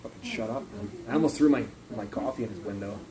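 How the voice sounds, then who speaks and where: A man's voice: fairly low pitch, fast talker, a crowd in the background, low-quality recording. Profane rambling man on a phone stream. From Canada. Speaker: livestreamer. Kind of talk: rambling casual rant.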